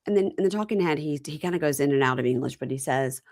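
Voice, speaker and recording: A woman podcast host recapping a reality show in casual chat, animated and acting out quotes. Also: fast talker, hardly any pauses. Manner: animated storyteller, acts out quotes in high voices.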